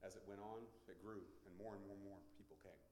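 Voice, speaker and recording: Guy preaching a testimony, animated storytelling, echoey hall, little bit of background hum. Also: lowish voice, fast talker. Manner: animated storytelling, acts out quotes. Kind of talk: sermon testimony.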